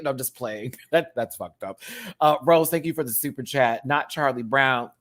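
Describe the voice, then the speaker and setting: A man hosting a casual reaction show, campy and chatty, swinging from loud exclamations to quiet asides and laughing often. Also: on the high side, lively intonation, moderate pace. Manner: campy and chatty, repeats words for emphasis.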